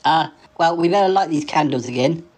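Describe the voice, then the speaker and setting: A man in a homemade comedy sketch, his voice pitched a little high. He hesitates constantly, full of uhs and ums, sounding nervous. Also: a little fast, a little mellow, slight background noise. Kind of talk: comic sketch dialogue.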